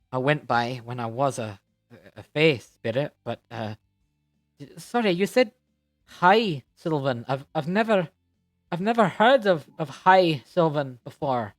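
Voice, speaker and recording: A woman's voice: rumbling low, no room sound. A man voicing a nervous young female fae spirit who stammers and hesitates.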